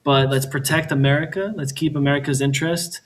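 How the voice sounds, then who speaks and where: A man speaking as a guest on a livestream, measured and hesitant, pausing often with fillers. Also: fairly high pitch, steady tone. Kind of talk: casual livestream chat.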